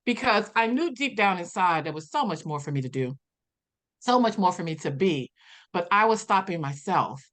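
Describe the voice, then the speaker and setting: A woman guest on an interview podcast, telling her story in a lively way and acting out the dialogue she quotes. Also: normal speed. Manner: animated, acts out quoted dialogue with big pitch jumps. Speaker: podcast guest, personal development coach.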